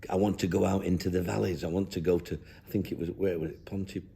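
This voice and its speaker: A man's voice: low-pitched, level tone, quick pace, vocal fry, warm tone, a little hiss or hum. An older man, a football manager, talking down-to-earth in an interview and reminiscing with frequent restarts. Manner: down-to-earth, rambling with many restarts. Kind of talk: reflective interview chat.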